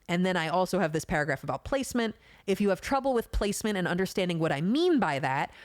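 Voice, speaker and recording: A woman with a slightly low voice talks through vocal technique like a patient teacher. She is methodical and instructive, with each step laid out in order. The sound is dry and close, with no room around it. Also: no echo. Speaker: voice actress guest.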